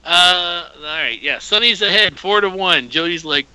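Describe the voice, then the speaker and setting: Upbeat bright-voiced man hosting a quiz. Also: high-pitched, moderate pace, slight background noise, low-quality recording. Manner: jokey, reads out questions and answers, laughs often. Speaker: podcast host running a trivia quiz. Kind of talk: casual podcast chat.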